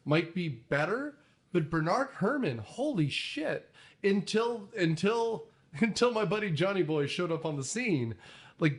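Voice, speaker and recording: Animated casual male podcast host. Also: a little high. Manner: animated, swearing, jokey asides. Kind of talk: casual movie discussion.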